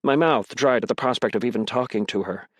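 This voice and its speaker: A man reading a crime mystery audiobook in first person, with a measured, tense delivery. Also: mid-range voice, no room sound. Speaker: audiobook narrator.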